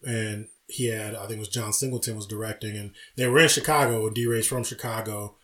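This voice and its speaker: A man's voice: fairly low pitch, fairly quick. A man co-hosting a casual podcast chat, telling stories with lots of laughter and acted-out quotes. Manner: animated storyteller who acts out quotes and laughs often. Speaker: podcast co-host.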